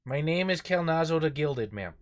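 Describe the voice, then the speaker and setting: A man's voice: fairly high pitch, expressive, moderate pace. A man playing a tabletop game, bantering wryly in character. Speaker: player.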